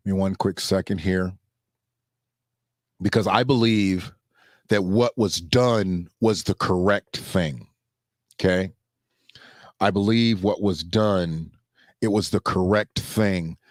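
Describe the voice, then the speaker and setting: A man hosting a casual solo commentary show, talking loosely and jumping into high mocking voices when he quotes others. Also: steady tone, slow pace, long pauses, no room sound, studio quality.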